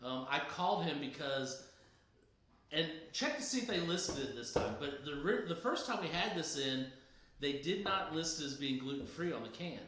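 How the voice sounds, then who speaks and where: A man's voice: on the high side, animated, normal speed, noisy background. A man co-hosting a casual drinks podcast, chatting in a rambling way with plenty of restarts. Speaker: podcast co-host. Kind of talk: casual beer tasting chat. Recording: very echoey room.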